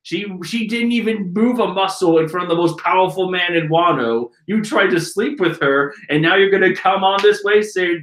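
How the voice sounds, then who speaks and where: A man giving comedic, profane commentary as he reads a manga chapter, swinging from mumbles to shouts. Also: fairly high pitch, normal speed, few pauses. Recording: roomy echo.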